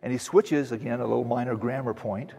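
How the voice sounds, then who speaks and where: A man's voice: mid-range voice, creaky, dark tone, slightly rough. Earnest male preacher in a reverberant hall. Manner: earnest teaching, with frequent restarts and slow emphatic quotes. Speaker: pastor. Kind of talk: expository sermon.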